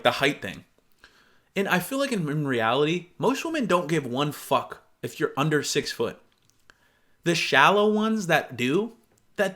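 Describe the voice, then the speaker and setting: Young man, slightly high pitch, casual reaction commentator, blunt and profane. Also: fairly bright tone.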